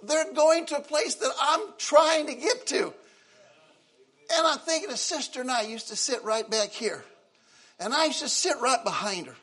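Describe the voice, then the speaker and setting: An older man preaching a sermon, emotional, swinging from loud exclaiming to soft, quiet lines. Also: very high voice, animated, moderate pace. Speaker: pastor.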